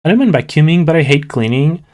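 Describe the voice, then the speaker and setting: A man's voice: on the high side, expressive, fast, a little mellow. A sleepy young man streaming, chatting casually with his viewers and rambling with lots of "like" fillers and restarts. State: sleepy, yawning. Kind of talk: casual chat with live chat while drawing.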